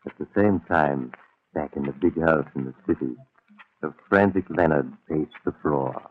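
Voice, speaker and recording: A man narrating an old radio drama in a measured storytelling way. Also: a bass voice. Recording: tinny old radio broadcast.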